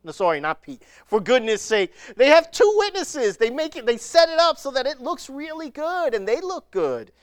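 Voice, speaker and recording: A preacher giving a sermon, retelling scripture stories in an animated way and acting out the people in them. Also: high voice, moderate pace, hardly any pauses, clear, resonant tone, dry recording, studio quality. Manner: animated storytelling, acting out the scenes.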